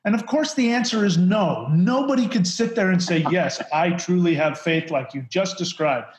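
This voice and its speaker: A man's voice: sits high, lively intonation, moderate pace, slight background noise. A man speaking as a podcast guest, talking emphatically in a casual conversation. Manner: emphatic, mocks preachers in put-on voices. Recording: roomy, dull lo-fi sound.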